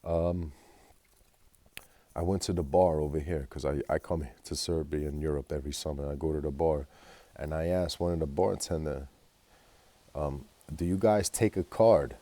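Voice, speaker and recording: A man's voice: a bass voice, steady tone, moderate pace, pauses often, mellow, dry recording. A man telling a rambling, profane personal story in a vlog, agitated and full of fillers. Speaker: vlogger.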